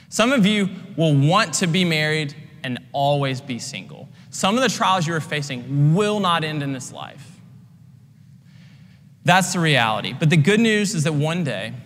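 A man's voice: on the high side, a bit bright, in a large hall. A young man preaching a sermon as pastor, earnest and conversational with many casual "like" fillers.

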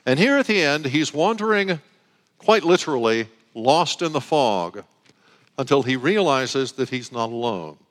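Expressive male pastor preaching in an echoing church. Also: medium pitch. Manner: expressive storytelling, slowing for emphasis. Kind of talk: sermon with a story read aloud. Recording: reverberant church hall.

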